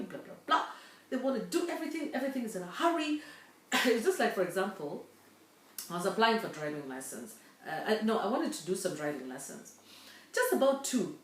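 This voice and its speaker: A woman's voice: a little high, big pitch swings, a little fast. Chatty woman in her fifties, roomy distant sound. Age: 50s. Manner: earnest, chatty, with many fillers. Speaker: vlogger. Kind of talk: casual monologue. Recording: roomy echo, distant mic.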